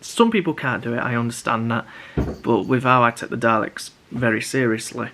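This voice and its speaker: A man's voice: medium pitch, fairly quick, pushed and bright. A young man chatting casually to camera about building props, rambling with many restarts. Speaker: prop maker vlogger.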